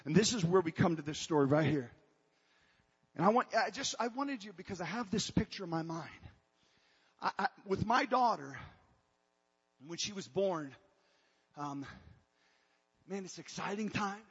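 A man's voice: high-pitched, expressive, normal speed, long pauses, husky, in a large hall, lo-fi sound. A man preaching a sermon to his congregation in an emphatic way, breaking off and restarting as he calls out to them. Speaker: pastor.

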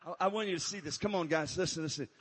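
A man's voice: fairly high pitch, quick pace, slightly rough, in a large hall. A man preaching a fervent sermon at a live church service, calling out "come on, amen" and at times out of breath. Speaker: pastor. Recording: live church service with praise team music behind. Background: praise team music.

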